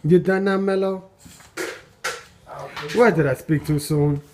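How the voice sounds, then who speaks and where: A man's voice: sits high, fairly even intonation, slow, background noise. Amused man narrating his dog. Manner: amused, exclaiming, chuckling often. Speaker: vlogger filming his dog. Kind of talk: casual running commentary. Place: at home indoors.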